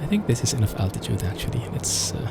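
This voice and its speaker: Gravelly-voiced man chatting while streaming. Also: medium pitch, very animated, fast talker, loud music behind the voice. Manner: chatty, amused, rambling. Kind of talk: casual gameplay commentary.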